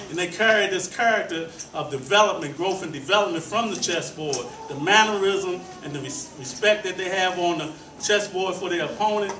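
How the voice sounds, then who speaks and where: A man's voice: high-pitched, background noise. A man leading a chess program, giving an earnest, preacherly speech at a community meeting in a hall. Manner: earnest, preacherly, rising to fervor. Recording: echoey hall, distant mic, crowd.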